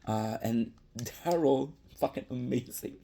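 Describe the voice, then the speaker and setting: A young man with a gravelly, husky voice recaps a TV episode in a loose, excitable way, swearing and tripping over repeated words. He sounds moved and close to tears. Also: medium pitch, takes it slowly. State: emotional, near tears. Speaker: TV recap vlogger. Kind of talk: casual emotional episode recap.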